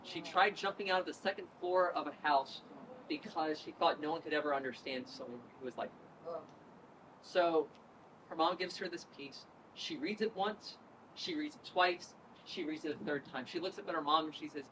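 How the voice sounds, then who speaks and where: A woman in her thirties from Northern Virginia, a politician telling a lively story at an event, acting out quotes and laughing. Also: sits low, normal speed. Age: 30s. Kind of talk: storytelling speech. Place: event room with crowd ambience. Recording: distant mic with noise.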